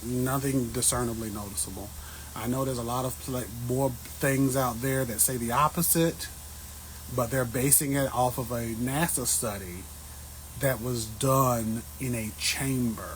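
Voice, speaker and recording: A man chatting casually with his viewers on an outdoor patio, answering plant questions in a joking, animated way. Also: medium pitch, measured pace, slight background noise, rough recording. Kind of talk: casual livestream chat.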